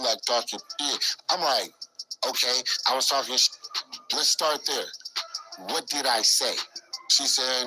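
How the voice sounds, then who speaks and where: A man telling his side of an incident in an animated personal story, acting out quoted dialogue and repeating himself. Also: mid-range voice, normal speed, background noise.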